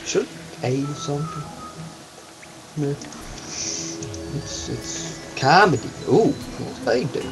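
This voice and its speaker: A man narrates his game session in an animated, swooping voice, prone to sudden yelps and exclamations. He talks at an unhurried pace. Game music plays clearly behind him. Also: a little high, low-quality recording. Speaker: gaming channel host. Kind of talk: let's-play game commentary.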